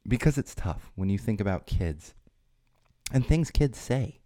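A man hosts a solo podcast in a low, mellow voice, recorded dry and close. He rambles, restarts and fills gaps with "uh", then gets more emphatic and raised when he drives a point home. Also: lively intonation, unhurried, no echo. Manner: rambling, with frequent restarts and fillers. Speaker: podcast host.

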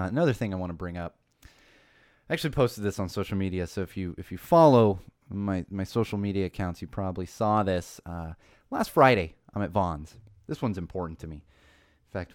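A man in his thirties hosting a casual chat show, telling stories in a lively way and building to a passionate point. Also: lowish voice, dry recording, clean studio sound. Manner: animated storytelling, rising to passionate emphasis. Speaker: podcast host.

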